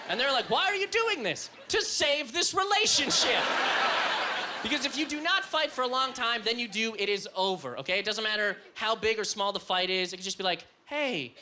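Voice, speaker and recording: Loud, high-energy male comic. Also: very noisy. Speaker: stand-up comedian. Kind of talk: stand-up set. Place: comedy club stage.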